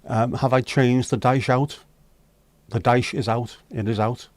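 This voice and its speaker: A man's mid-range voice holds a steady tone at a measured pace, with no echo. He hosts a casual virtual pub livestream, reading viewer comments and chatting, joking and bantering with chat.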